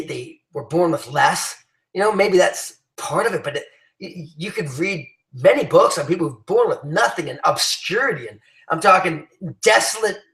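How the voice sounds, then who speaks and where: A man's voice: sits high, a bit bright, reverberant, low-quality recording. A man giving an emphatic motivational talk to his team, rallying them with many restarts and fillers. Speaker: business leader addressing his team.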